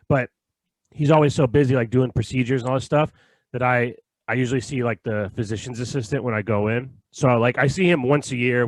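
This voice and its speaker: A young man in casual podcast chat who tells stories with a laugh and acts out the lines of others. His pitch sits in the middle of the range. The room sounds dry and close. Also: no echo. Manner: storytelling, laughs often, acts out quotes. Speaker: podcast co-host.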